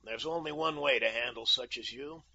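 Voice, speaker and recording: A man's voice: medium pitch, moderate pace, pushed and bright, husky, heavily acted. A man voicing a brash, cool-headed young American. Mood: firm, cool. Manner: cool, bargaining and mocking. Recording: dull lo-fi audio.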